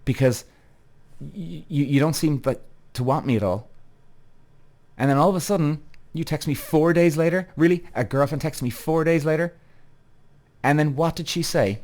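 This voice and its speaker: A podcast host in his thirties delivers an animated solo rant, heated and full of swearing, repeating himself and addressing his listeners as "guys." His voice is a little high and a little mellow, at a normal speed.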